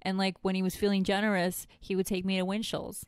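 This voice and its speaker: Smooth-voiced woman telling frank stories. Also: medium pitch, flat delivery, fast, darkish tone, no echo, studio quality. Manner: frank, profane storytelling with frequent laughs. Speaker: podcast co-host. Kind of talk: casual podcast chat.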